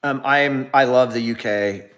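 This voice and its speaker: A man's voice: mid-range voice, measured pace, fairly bright tone. Rambling man joking on a livestream. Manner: rambling, full of fillers and restarts, joking. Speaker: livestream host. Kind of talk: casual livestream chat.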